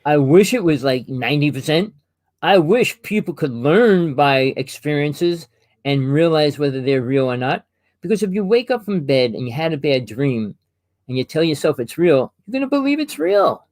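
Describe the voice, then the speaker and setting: A man hosting a casual talk about experiences, telling long rambling stories in an animated way. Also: on the high side, normal speed, no room sound. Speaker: host.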